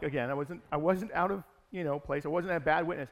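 A pastor telling a personal story in a sermon, in an animated, conversational way. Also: male voice, on the high side, quick pace, few pauses.

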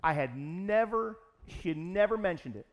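A pastor telling a personal story in a sermon, in an animated, conversational way. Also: male voice, sits high, normal speed.

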